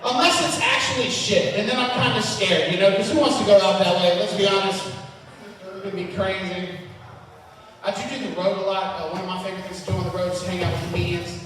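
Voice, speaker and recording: Profane stand-up comic, high voice, roomy echo. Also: male voice, fairly even intonation, fast talker, far from the mic. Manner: loud, profane, self-mocking, with big shouted punchlines. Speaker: stand-up comedian. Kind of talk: stand-up comedy set. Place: comedy club stage.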